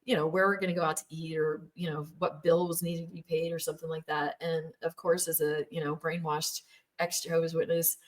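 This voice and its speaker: A woman in her thirties recounts her own story in a frank, personal way, laughing now and then. Her voice sits a little low, and she is recorded from some distance from the microphone. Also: level tone, a little fast. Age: 30s. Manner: candid, laughs often, acts out quoted voices. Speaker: former Jehovah's Witness telling her story. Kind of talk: personal testimony.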